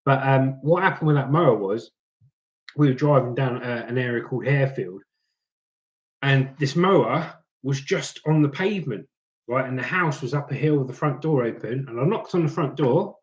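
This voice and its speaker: A man reads comments on his live stream and chats casually about scrapping, telling stories with the occasional mock accent. The sound is lo-fi; his voice is medium-pitched and expressive at a moderate pace.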